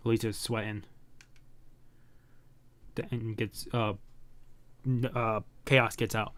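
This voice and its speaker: A man reads a comic aloud and comments on each panel in a slow, low-key mutter. The sound is dry and close, with no room around it. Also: flat delivery, a bit bright, no echo. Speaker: manga reaction host.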